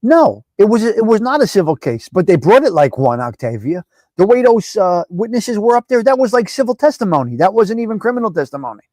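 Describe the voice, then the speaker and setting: A man hosting a casual live-stream chat, brash, profane and animated as he talks back at viewers by name. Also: sits high, a little fast, no room sound. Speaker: live show host.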